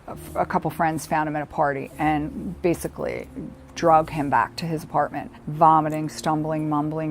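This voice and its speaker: A middle-aged woman, a bereaved mother, telling her story in a halting, reflective way with pauses. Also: deep voice, a little hiss or hum. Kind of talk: personal documentary testimony. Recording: music playing underneath. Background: soft background music.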